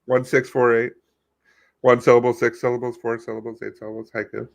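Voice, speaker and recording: A man's voice: medium pitch, little pitch movement, fairly quick, creaky. A man co-hosting a comedy podcast, riffing goofy bits in casual chat. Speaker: podcast co-host.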